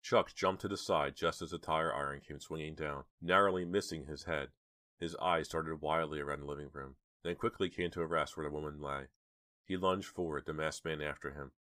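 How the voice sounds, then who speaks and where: An extremely deep-voiced man reads horror fiction for an audiobook in a steady, measured manner, captured in a close, dry recording.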